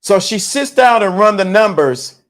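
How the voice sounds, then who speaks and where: A man's voice: high-pitched, unhurried. A man telling a comic story in a monologue and acting out every part of the scene. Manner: animated, acts out both sides of a scene. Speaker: commentator.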